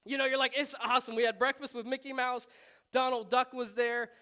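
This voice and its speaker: A man, a pastor, preaching a conversational sermon in a relaxed, chatty way, often laughing and with frequent ums. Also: very high-pitched, fairly quick, smooth.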